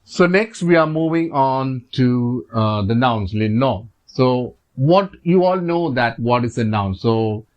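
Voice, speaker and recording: A man's voice: mid-range voice, expressive, takes it slowly, few pauses. A man with an Indian English accent teaching French grammar over slides, patient and repetitive, with many fillers. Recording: slightly dull lo-fi recording.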